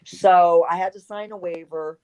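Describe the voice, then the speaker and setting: A middle-aged woman with a notably low voice tells an animated story as an interview guest. She slips into the voices of the people she quotes and swears casually. Her delivery is loose and conversational. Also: moderate pace, clear, resonant tone, low-quality recording. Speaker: interview guest, former wrestler.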